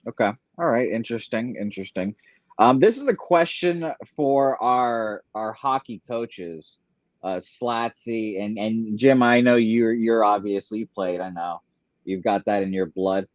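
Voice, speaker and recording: A man giving a casual movie review as a guest, rambling and halting with lots of ums and uhs. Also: lowish voice, dry recording. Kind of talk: casual chat. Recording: dry, dull lo-fi remote line.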